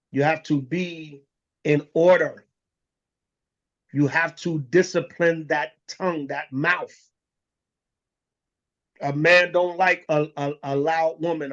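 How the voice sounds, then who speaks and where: A man's voice: on the high side, muffled recording. A man teaching a congregation as an elder, blunt and profane, with plenty of street slang. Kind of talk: preaching lesson.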